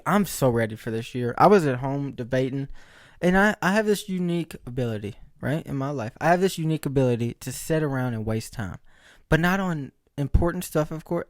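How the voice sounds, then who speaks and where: A man's voice: a little high, no room sound. A man hosts his own podcast alone, talking in a slightly raised voice. He rambles through stories, jokes and laughs often, and keeps asking his listeners rhetorical questions. The recording is close and dry. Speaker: podcast host. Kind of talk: casual solo storytelling.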